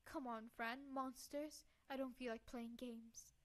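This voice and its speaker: A woman's voice: a little high, fairly even intonation, takes it slowly, fairly bright tone. A dazed male doctor, groggy and confused, sharply demanding answers, as a woman reading a game puts him on. He sounds bewildered and short-tempered.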